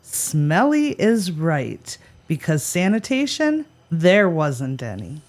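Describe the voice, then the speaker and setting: A woman's voice: on the low side, big pitch swings, slow, a little mellow. A woman co-hosting a podcast, telling a history story with playful, jokey asides. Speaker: podcast co-host. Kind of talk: scripted podcast banter.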